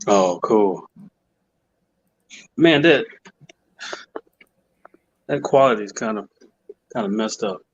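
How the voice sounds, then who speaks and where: A man's voice: lowish voice, animated, slow pace, long pauses, breathy edge, no room sound, muffled recording. A man joining a livestream from a handheld phone, easygoing in casual chat, greeting the viewers. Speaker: livestream guest. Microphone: phone held in hand.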